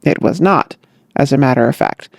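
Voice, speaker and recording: An audiobook narrator reading a comic novel with a wry, lively delivery. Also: medium pitch, normal speed, creaky, no room sound, clean studio sound. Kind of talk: scripted narration.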